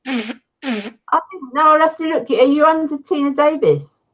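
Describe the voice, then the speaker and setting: A woman in a casual group chat who giggles and reacts with quick exclamations. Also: high-pitched, fairly bright tone.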